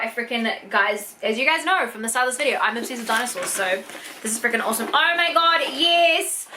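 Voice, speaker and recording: A young woman in an unboxing vlog, gushing and excitable, swearing often as she opens gifts. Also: sits high, noisy background. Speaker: YouTuber.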